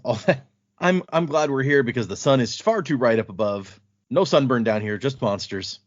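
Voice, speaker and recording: A man chats casually on a podcast, retelling a story in loose paraphrase with easy laughs and a swear here and there. His voice sits at an ordinary pitch, close to the mic. The sound is dry and a bit dull and lo-fi. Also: moderate pace, no echo. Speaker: podcast co-host recapping book chapters. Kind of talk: casual chat. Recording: dull, slightly lo-fi podcast audio.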